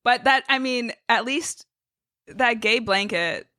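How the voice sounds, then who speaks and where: A woman's voice: on the high side, takes it slowly, sharp tone, dry recording, clean studio sound. A woman chatting casually on a podcast, agreeable and making earnest points. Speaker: podcast co-host. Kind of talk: casual chat.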